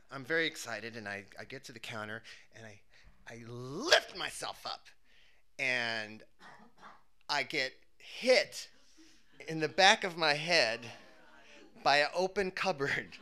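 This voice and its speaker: A man's voice: medium pitch, pushed and bright, clean tone. A man telling a funny personal story, acting out the scenes with cries and screams.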